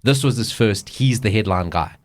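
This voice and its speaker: A man co-hosting a casual podcast, retelling movie plots in an animated way and swearing freely. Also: lowish voice, normal speed. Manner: animated storytelling, swears, acts out quotes. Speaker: podcast co-host. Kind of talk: casual chat.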